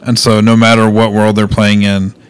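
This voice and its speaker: A man's voice: fairly low pitch, completely flat delivery, normal speed, clear, resonant tone. A man from Texas chatting casually on a podcast, hesitant and often restarting his sentences. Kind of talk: casual chat.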